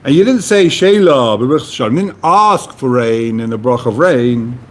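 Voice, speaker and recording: A man's voice: mid-range voice, normal speed. A man teaching a Talmud class, reading phrases aloud and then explaining them in plain, casual words. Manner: reads Aramaic phrases then translates casually, animated. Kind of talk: explaining Talmud text to a study partner.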